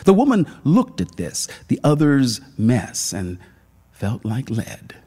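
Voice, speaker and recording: Slow, breathy male storyteller. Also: medium pitch, huge pitch swings. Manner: slow, hushed, dramatic. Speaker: narrator. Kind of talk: literary story reading.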